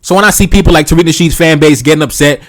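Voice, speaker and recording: A man's voice: on the high side, racing. A Haitian man hosting a reaction video, talking bluntly and profanely, often calling his listeners "bro" and "man". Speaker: channel host reacting to tweets. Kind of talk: reaction commentary.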